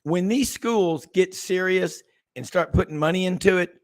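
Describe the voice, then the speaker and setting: A man hosting a sports radio talk show, folksy and excitable, exclaiming often in casual chat. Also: high voice, normal speed.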